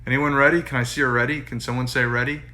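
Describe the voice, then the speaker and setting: A man's voice: mid-range voice, little pitch movement, fast talker, sharp tone. A man, a painter, chatting casually on a livestream from his studio and reading his own writing aloud, often restarting and repeating phrases. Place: art studio, indoors. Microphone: phone streaming live.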